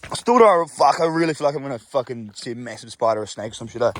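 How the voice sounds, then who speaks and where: An excitable, sweary Australian man chats to his handheld camera while walking through the bush. His pitch jumps around a lot as he talks. He sounds loose and casual, recorded out in the open air. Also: fast talker. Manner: sweary, excitable, shouts to test the echo. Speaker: vlogger. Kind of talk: casual vlog chat while hiking. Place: outdoors on a bush walk by a cliff lookout.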